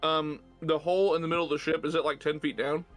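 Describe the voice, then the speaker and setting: A man's voice: fairly high pitch, level tone, fast talker, faint music behind. A man playing a tabletop game, asking eager questions about the rules. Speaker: player. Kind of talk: casual tabletop play.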